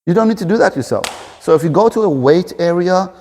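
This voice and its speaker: A man's voice: high voice, expressive, fast talker, a little mellow, a little hiss or hum. A man in his forties giving an earnest, encouraging motivational talk to camera as a fitness coach. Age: 40s. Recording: long reverb of a large room.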